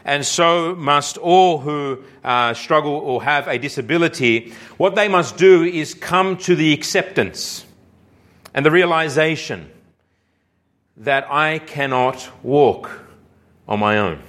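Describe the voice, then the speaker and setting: A man preaching a sermon, slow and emphatic, with deliberate pauses and key phrases that drop low and quiet. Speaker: pastor.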